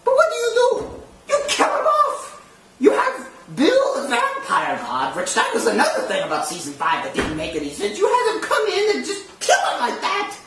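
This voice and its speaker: A woman's voice: huge pitch swings, normal speed, exaggerated voice. A woman playing a grumpy, theatrical centuries-old vampire count who hosts a horror review show, with an exasperated, sarcastic way of ranting. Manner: exasperated, sarcastic, wildly swinging pitch. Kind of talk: comic in-character rant. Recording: very echoey room, distant mic, faint noise.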